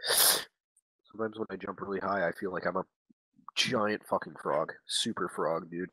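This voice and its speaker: A man doing a rambling, low-voiced slacker teen. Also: steady tone, measured pace, pushed and bright, breathy edge, dry recording, exaggerated voice, low-quality recording. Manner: rambling, crude, slacker drawl. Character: dim-witted crude eighteen-year-old boy. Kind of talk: improvised comic monologue.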